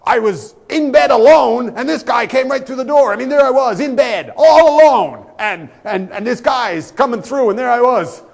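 A man voicing a big, startled man who yells in outrage and keeps repeating himself. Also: very high-pitched, lively intonation, moderate pace, vocal fry, hardly any pauses, pitched above the performer's own voice, heavily acted. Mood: outraged. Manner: yelling, flustered, repeating himself. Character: big angry startled man caught in bed.

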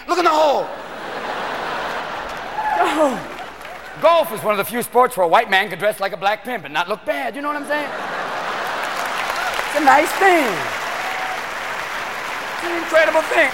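A male stand-up comedian delivering a brash, profane set in a large venue, often jumping into shouted character voices. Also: very high voice. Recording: live venue recording with long reverb and crowd noise. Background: audience laughter and crowd ambience.

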